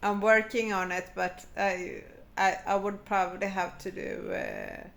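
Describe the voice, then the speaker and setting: A woman's voice: mid-range voice, huge pitch swings, measured pace, vocal fry, a bit bright. A woman delivering a satirical character monologue in a mock-serious, sarcastic rambling manner. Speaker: comedic vlogger.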